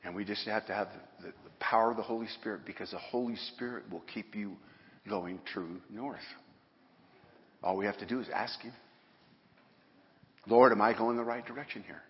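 A man's voice: fairly low pitch, a little fast. Folksy preacher man in a reverberant hall. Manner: folksy, rising to emphatic bursts. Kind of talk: sermon. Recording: dull sound in a hall with long reverb.

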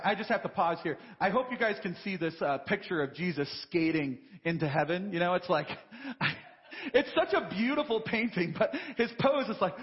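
A man's voice: high-pitched, very animated, normal speed, slightly rough, long reverb tail, dull audio. A man preaching a sermon as pastor, in a conversational style full of rhetorical questions and "right?" asides. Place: church sanctuary.

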